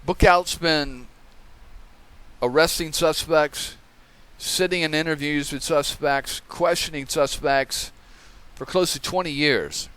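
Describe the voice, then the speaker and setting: Smooth-voiced man giving casual commentary. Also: on the high side, slow, a bit bright. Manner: conversational, tags remarks with "okay?". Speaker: channel host reviewing testimony.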